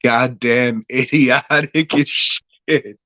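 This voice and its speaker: Male podcast co-host, sardonic and crude, unhurried delivery, mid pitch, dry close sound. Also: fairly even intonation, pushed and bright, dry recording. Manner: slow, sardonic, laughs at his own jokes. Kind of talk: casual profane movie review chat.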